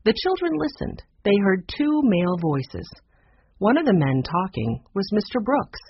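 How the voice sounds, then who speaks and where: A man narrating a children's chapter book aloud with expressive, even storytelling. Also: high voice, a little slow, a little hiss or hum. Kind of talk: audiobook narration. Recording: dull muffled recording.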